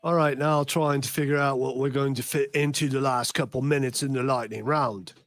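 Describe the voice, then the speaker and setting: A man's voice: medium pitch, fairly even intonation, a little fast, no echo, clean studio sound. A man hosting a radio talk show, joking and talking over his co-hosts in casual banter. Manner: joking, talks over others.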